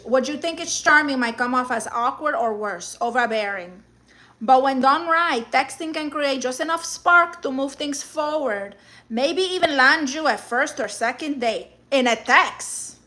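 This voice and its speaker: A woman's voice: high-pitched, bright, forceful tone. A woman playing a brash, self-assured woman who sassily mocks advice and chat while dropping Spanish words. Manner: sassy, scornful, interjects Spanish words. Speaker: livestream comedy host reading chat and a self-help book. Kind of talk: live-streamed character comedy.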